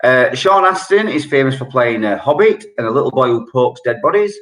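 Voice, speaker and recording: A man hosting an online quiz, chatty and joking, reading each question slowly and repeating it. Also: mid-range voice, lively intonation, fairly bright tone. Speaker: quiz host. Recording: echoey room.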